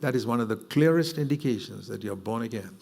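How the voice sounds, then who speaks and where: A man preaching a sermon in an earnest, conversational way, rising in pitch when he presses a point. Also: animated, fast talker, creaky, a little mellow, slight background noise.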